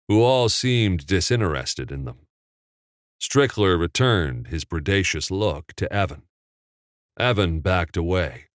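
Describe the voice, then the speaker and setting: Deep, slow-paced male narrator. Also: no echo, clean studio sound. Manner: measured, unhurried storytelling. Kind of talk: audiobook narration.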